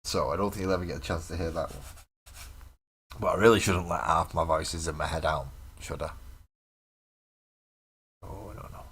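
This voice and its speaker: A man's voice: sits low, fairly even intonation, moderate pace, long pauses, a bit bright, slightly rough. A man chatting casually and self-mockingly to viewers while painting miniatures at home on a live stream. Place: home room indoors.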